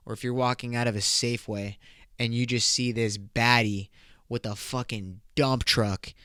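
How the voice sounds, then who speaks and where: A man's voice: mid-range voice, fairly even intonation, moderate pace, sharp tone, clear, resonant tone, dry recording, clean studio sound. A man hosting a podcast in loose, profane, joking casual chat. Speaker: podcast host.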